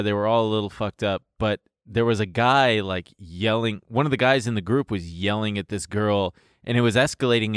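Smooth-voiced man telling a lively story. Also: on the low side, dry recording, studio quality. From United States. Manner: animated, acts out voices in his stories, laughs often. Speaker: podcast co-host. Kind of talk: casual storytelling chat.

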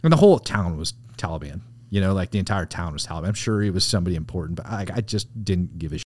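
Fast-talking deep-voiced man telling war stories. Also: lively intonation, a little mellow. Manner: rambling, profane, lots of "like" and "you know". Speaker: podcast co-host, military veteran. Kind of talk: casual storytelling.

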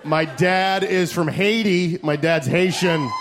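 A man doing a stand-up set, brash and profane, shouting his punchlines on a handheld stage mic. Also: high voice, slow. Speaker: stand-up comedian. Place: comedy club stage. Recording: crowd laughter, noisy club. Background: laughing crowd.

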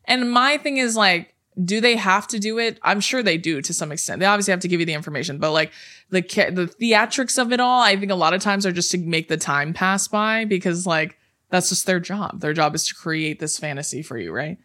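A woman's voice: lowish voice, brisk. A woman co-hosting a casual chat, telling a story with lots of swearing and acting out the people in it. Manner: animated storyteller, swears freely, acts out voices and yelps. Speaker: podcast co-host.

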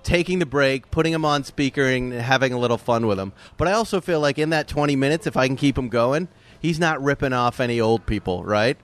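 A man's voice: medium pitch, lively intonation, fairly quick, a bit bright. A man co-hosting a casual talk show, trading jokes and teasing banter. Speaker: podcast co-host. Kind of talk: casual chat.

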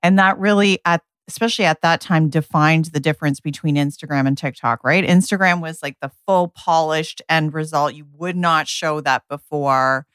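A woman's voice: low-pitched, normal speed, few pauses, a bit bright, clear, resonant tone, no room sound, studio quality. A woman co-hosting a podcast, explaining her views in a thoughtful way. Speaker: podcast co-host. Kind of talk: casual interview chat.

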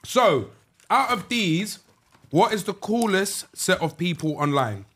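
Slightly high-voiced playful male host. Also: very animated, takes it slowly, fairly bright tone, slight background noise. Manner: playful, question-asking. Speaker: podcast host. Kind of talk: casual chat.

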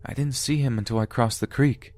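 A man's voice: medium pitch, steady tone, fairly quick, a little mellow, voice pushed up, natural voice. A man voicing a scared young child who sniffles and worries about being in trouble. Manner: small, sniffling and anxious. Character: scared young child caught after wandering off.

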